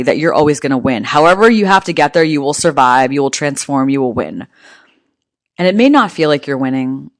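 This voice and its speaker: A woman's voice: sits low, no echo. Brief: a blunt, cursing woman speaker giving a pep talk in rhythmic, punchy lines, recorded dry and close. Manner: blunt, profane, emphatic; rhythmic, near-rhyming phrasing. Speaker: motivational speaker. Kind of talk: motivational monologue.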